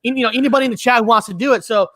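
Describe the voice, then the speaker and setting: A man's voice: extremely high pitch, racing, pushed and bright, no echo. A man hosting a casual chat show, easygoing and reassuring toward his guest. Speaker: host.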